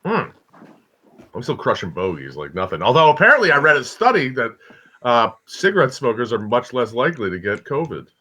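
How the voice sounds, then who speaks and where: A man with a bright, forward voice trades jokes in a casual comedy chat. His pitch swings widely as he talks, loose and full of swearing. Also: very animated, a little fast, slightly rough. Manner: loose, joking, profane banter. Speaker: podcast participant.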